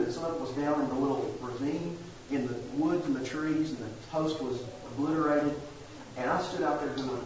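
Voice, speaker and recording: A man's voice: a little high, noisy background. Earnest male pastor preaching from a distance in a hall full of echo. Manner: earnest preaching with a folksy aside. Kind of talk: sermon. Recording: very echoey church sanctuary, distant mic, dull.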